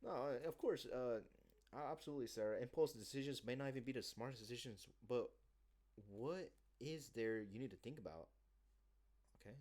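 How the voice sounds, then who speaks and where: A man in a casual vlog monologue, rambling cockily and with profanity as he acts out a sales pitch. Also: brisk, a little mellow. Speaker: sales job seeker.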